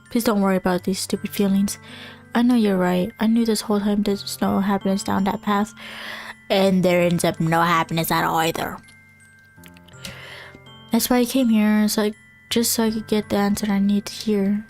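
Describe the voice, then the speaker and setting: A woman's voice: medium pitch, little pitch movement, moderate pace, lightly acted. Video game teen girl, heartbroken and pleading, voiced by a woman, faint music behind. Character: cheerful teen girl, heartbroken but forcing smiles.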